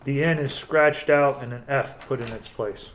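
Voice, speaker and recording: A man's voice: mid-range voice, moderate pace, fairly bright tone, a little hiss or hum, low-quality recording. A man narrating as game master in a tabletop game, casual and stumbling a little over his words.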